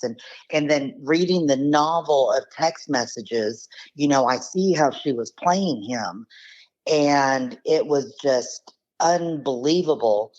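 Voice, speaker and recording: A woman's voice: sits low, slow, dull audio. A woman telling the story of her uncle's losses in a blunt, emphatic, casual way. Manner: emphatic, blunt retelling with acted quotes. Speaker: scam victim's niece, guest.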